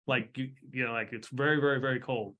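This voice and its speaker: A man's voice: mid-range voice, fairly even intonation, quick pace, pushed and bright, dull audio. A man running a tabletop game, narrating in a loose, casual way with plenty of fillers. His voice sits in an ordinary middle range. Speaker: game master.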